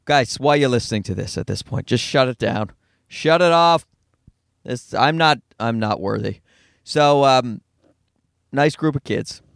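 Man, Newfoundland accent, middle-aged, quick profane rambling, dry close sound. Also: medium pitch, gravelly, no echo. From Newfoundland, Canada. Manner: fast-talking, profane, self-deprecating. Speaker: stand-up comedian, podcast host. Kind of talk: casual rambling monologue. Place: in a car.

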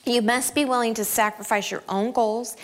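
Middle-aged woman, a touch high-pitched, candid motivational speaker for moms, self-deprecating and quick to laugh. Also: fairly even intonation, fairly bright tone. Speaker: speaker at a family camp. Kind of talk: inspirational talk to mothers.

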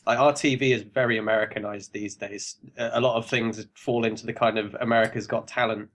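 English man chatting in a relaxed way. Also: lowish voice, brisk. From England. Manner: relaxed, rambling, laughs while talking. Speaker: podcast guest. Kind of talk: casual chat.

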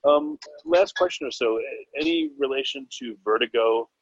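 A man's voice: mid-range voice, moderate pace, husky, no room sound, dull audio. A man interviewing a guest, asking questions in a casual, hesitant way.

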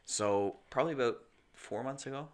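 A man's voice: medium pitch, fairly quick. A man who makes films, chatting casually on a podcast and teasing the others. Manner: joking, teasing. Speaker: filmmaker.

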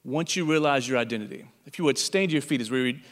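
A man's voice: mid-range voice, fast, long reverb tail. A man preaching a sermon, telling a parable as a pastor and acting out the animal characters in it.

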